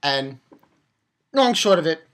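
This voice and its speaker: A man giving a casual, rambling recap of an anime episode, excitable and quick to swear and laugh. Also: fairly high pitch. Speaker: anime reviewer.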